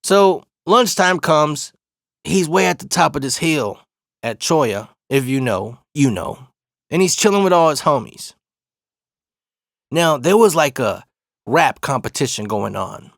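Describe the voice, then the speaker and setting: A man from Arizona casually telling a personal story, profane and slang-heavy, with animated retelling. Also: on the high side, measured pace, creaky, no echo, studio quality. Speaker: storyteller host.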